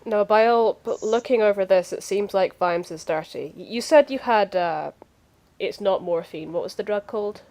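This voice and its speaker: A woman player in a casual tabletop game, arguing her point in a brisk, insistent way over a voice call. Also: mid-range voice, dark tone.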